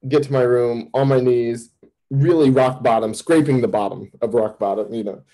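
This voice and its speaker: A man, a campus minister, giving a candid personal testimony in an interview, telling it vividly with sudden jumps in pitch. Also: normal speed, mellow, rough recording.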